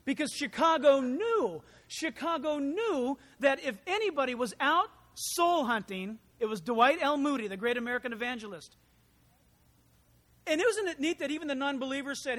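A man preaching a sermon in an animated, conversational way, full of asides and rhetorical questions. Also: very high-pitched, normal speed. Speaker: pastor.

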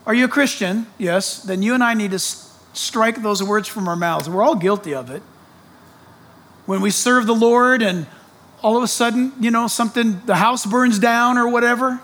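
A man preaching a sermon as pastor, excited, loud and emphatic. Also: very high voice, moderate pace.

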